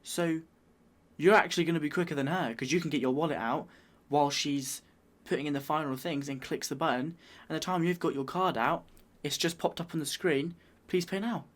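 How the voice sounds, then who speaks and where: A man's voice: on the high side, steady tone, brisk. A British man hosting a reaction video, chatting in a bemused, rambling way. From United Kingdom. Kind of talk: casual reaction commentary.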